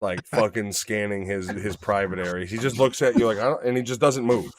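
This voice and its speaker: A man co-hosting a podcast in casual chat, swearing freely and acting out his dogs in lively stories. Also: fairly low pitch, fairly quick, a little hiss or hum. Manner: profane, animated storytelling, acts out his dogs. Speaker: podcast co-host.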